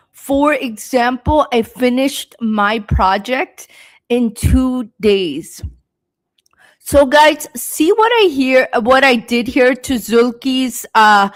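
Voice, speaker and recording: Young woman, English teacher hosting a live class; slightly high voice, speaks slowly and clearly for learners. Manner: slow, deliberate, encouraging teaching delivery. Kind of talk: live-stream lesson.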